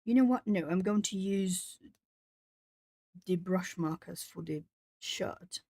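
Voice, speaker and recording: A woman's voice: on the low side, slow, dark tone, no room sound, clean studio sound. A Brazilian woman from the south of Brazil, chatting casually with viewers and thinking aloud while she colors on an art stream.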